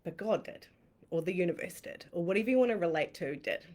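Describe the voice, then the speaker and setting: A woman with a New Zealand accent and a slightly low-pitched voice. She coaches on a live stream and tells her own story frankly and excitedly. She laughs often and swears casually. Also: fast talker. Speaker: manifestation coach.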